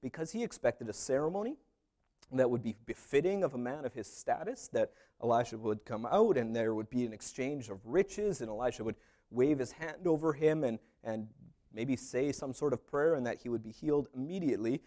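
Speaking a little fast, this pastor has a medium-pitched, expressive voice with a dark tone. His sermon is casual, walking through a Bible story in a conversational style packed with fillers and joking asides.

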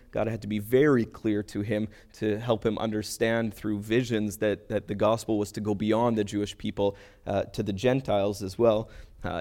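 A man's voice: mid-range voice, warm tone. A man giving a sermon in a conversational way, often restarting his sentences and reading scripture passages aloud. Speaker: preacher.

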